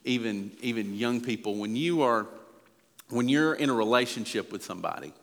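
A man's voice: animated, normal speed, fairly bright tone. A man preaching a sermon as pastor, earnest and emphatic, his voice rising as he presses his points. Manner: earnest, emphatic preaching that builds in pitch and volume. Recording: long hall reverb.

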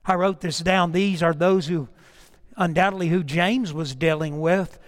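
A middle-aged man preaching a sermon with passion, swinging from loud declarations to hushed storytelling and repeating words as he goes. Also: high-pitched, fairly even intonation, normal speed, big-room sound. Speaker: pastor.

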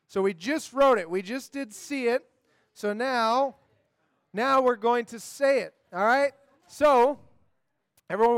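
A man's voice: high voice, smooth, no room sound, studio quality. A man leading a group memory activity, upbeat and coaxing, checking in with the group often. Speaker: youth class leader.

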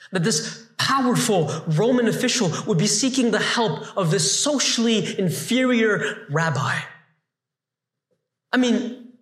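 A man teaches a scripted Bible lesson in an animated style and keeps asking rhetorical questions. His voice is fairly high. The recording sounds roomy and echoey.

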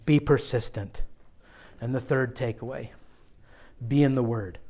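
A young man preaching a sermon as pastor, earnest and direct, often dropping to a quiet hush to drive a point home. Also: normal speed. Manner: earnest, drops to a low hush for emphasis.

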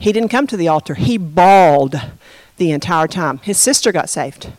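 A woman pastor telling a story in a sermon, expressive and conversational, addressing her congregation. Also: lowish voice, moderate pace.

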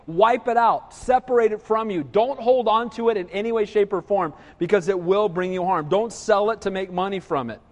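You hear a pastor, a middle-aged man with a high voice, whose sermon echoes as if in a spacious room. His preaching mixes funny anecdotes with frequent "right?" questions to the crowd.

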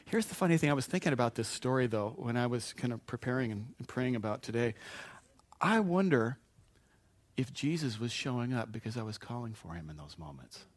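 A man's voice: medium pitch, expressive, fairly quick, no echo. A man preaching a conversational sermon as pastor, folksy and anecdotal, often restarting his sentences.

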